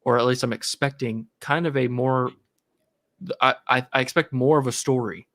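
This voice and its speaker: A man's voice: mid-range voice, fairly even intonation, normal speed, fairly bright tone. A man co-hosting a live movie podcast, talking casually and rambling through his points. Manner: rambling, many fillers and restarts. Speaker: podcast co-host.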